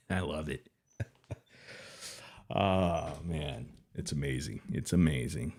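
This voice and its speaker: A man's voice: very deep voice, slow, creaky, long pauses, a little mellow. A man hosting a live stream, giving casual commentary in a mocking, boastful way and laughing often.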